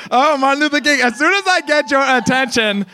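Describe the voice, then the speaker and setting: A man playing Gandhi in a comedy roast, speaking high and bright in a shaky, mangled accent. He fires off brash, crude jokes and keeps giggling at his own material. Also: lively intonation, normal speed, slight background noise, full character voice. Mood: cocky. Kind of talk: stand-up roast set. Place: comedy stage.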